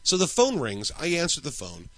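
A man's voice: fairly high pitch, huge pitch swings, normal speed, a crowd in the background, rough recording. A man in his thirties, a podcast co-host, telling a story in crude, joking casual chat.

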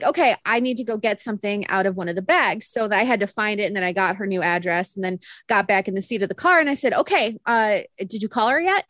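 A young woman telling a story on a podcast, animated and laughing often as she acts out what others said. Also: medium pitch, no room sound. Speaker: podcast co-host. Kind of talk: casual storytelling chat.

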